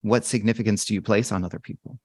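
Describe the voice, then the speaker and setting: A man with a low voice hosts the conversation and asks reflective, probing coaching questions. His voice sounds dry and close, with no room behind it. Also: fairly even intonation, quick pace, a little mellow, dry recording. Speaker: podcast host and coach.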